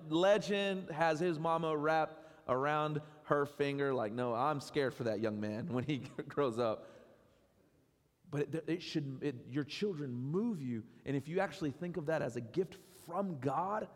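A man's voice: on the high side, normal speed. A man preaching a sermon as a pastor in a church, speaking conversationally and with feeling, with frequent restarts and quoted asides. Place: church sanctuary. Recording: long hall reverb.

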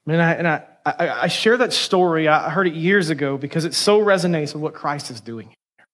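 A man preaching a sermon in a slightly higher-than-average voice. He reads a story aloud and gives each speaker a small voice shift. Then he leads the congregation in prayer. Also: quick pace. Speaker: pastor.

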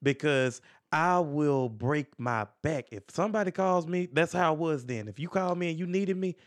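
A man who is a podcast guest, calmly offering reflective advice in casual conversation. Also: a little high, moderate pace, no echo. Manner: calm, advice-giving, reflective.

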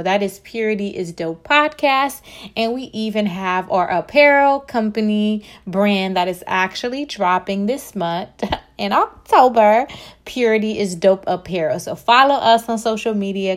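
A woman speaking with hosts her own faith podcast. She is chatty and animated, calling her listeners "girl" as she talks. Her pitch sits in an ordinary middle range. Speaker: podcast host. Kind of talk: casual faith podcast chat.

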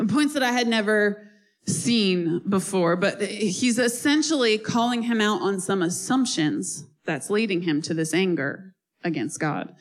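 A woman's voice: medium pitch, rough recording. Woman preaching in a chatty sermon. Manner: conversational, animated preaching with asides and laughs.

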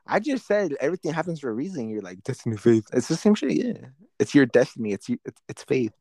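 A young man hosting a podcast, talking casually in a halting, rambling way, often searching for words. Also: mid-range voice, very animated, a little mellow. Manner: rambling, halting, many fillers and restarts. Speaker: podcast host. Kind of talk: casual chat.

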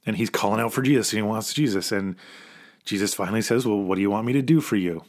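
A man's voice: fairly low pitch, fast talker. A man preaching an informal, conversational sermon as a pastor, earnest and emphatic at key points.

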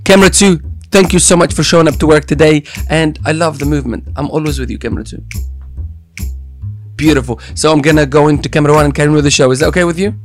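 A lively man hosts a casual daily podcast with the bounce of a hype announcer. His voice sits a little higher than most men's, and soft music plays underneath. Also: quick pace. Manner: energetic, playful, hype-style announcing. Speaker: podcast host. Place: studio with cameras.

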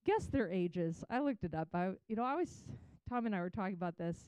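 A woman's voice: medium pitch, expressive, quick pace, darkish tone, clean tone, dry recording. A woman giving a chatty, conversational Bible teaching, retelling scripture in her own words.

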